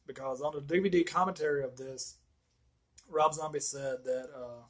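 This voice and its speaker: A man's voice: medium pitch, steady tone, moderate pace, poor audio. A man ranting through a casual film recap, rambling with lots of fillers and heavy swearing. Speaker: movie reviewer.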